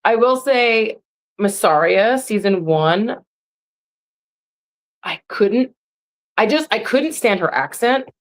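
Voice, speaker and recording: A woman podcast co-host with a slightly high, animated voice rambles through a casual recap of a show, sharing her opinions. She takes it slowly, pauses often, and says "like" constantly.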